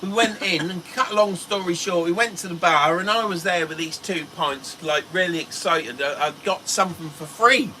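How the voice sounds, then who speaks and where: Chatty Norfolk man with a bright voice. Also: high-pitched, normal speed, few pauses, a little hiss or hum, poor audio. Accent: Norfolk English. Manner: chatty, rambling, laughs as he talks. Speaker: fishing channel host. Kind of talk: casual storytelling on a livestream.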